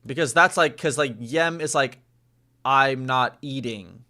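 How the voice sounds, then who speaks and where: A young man learning a language in a casual lesson, hesitant, repeating phrases slowly as he practices. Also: medium pitch, pushed and bright.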